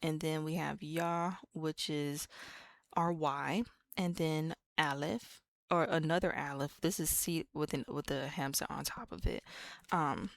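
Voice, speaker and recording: An American woman leads a casual lesson in a low, unhurried voice. She repeats each sound patiently and drops chatty, playful asides. The recording is dry and close. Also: fairly even intonation, vocal fry, dry recording. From United States. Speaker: language teacher.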